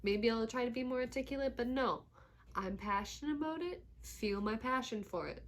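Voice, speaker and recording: A woman's voice: on the high side, moderate pace. A young woman chatting casually at home in a book vlog, gushing, swearing freely and laughing often. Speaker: book vlogger. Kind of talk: casual reading vlog chat.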